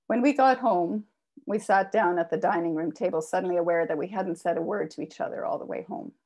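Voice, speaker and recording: A woman author reading a personal memoir aloud with expressive delivery. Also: fairly low pitch, a little fast. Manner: expressive reading, raises voice for quoted shouts. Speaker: author reading her work.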